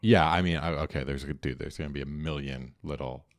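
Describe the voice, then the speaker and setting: A man's voice: very deep voice, steady tone, a little fast, dry recording, clean studio sound. A man co-hosting a podcast, chatting casually and hesitantly, often restarting his phrases. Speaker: podcast co-host. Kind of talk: casual technical chat.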